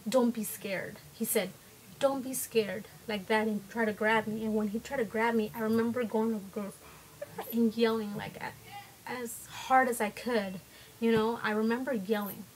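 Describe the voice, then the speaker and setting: A woman's voice: a little high, fairly even intonation, normal speed, slight background noise, poor audio. A young woman telling a personal story to camera, hesitant, with many fillers and restarts. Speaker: vlogger.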